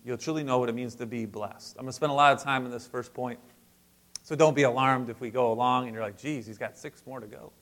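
A pastor delivering a conversational sermon in church, mixing scripture reading with casual asides and light humor, rising to emphatic peaks. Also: male voice, medium pitch, steady tone, fast talker, a bit bright.

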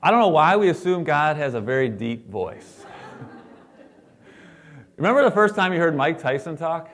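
A man preaching a sermon as a pastor to his congregation, animated and playful, acting out the lines he quotes. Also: a little high, unhurried.

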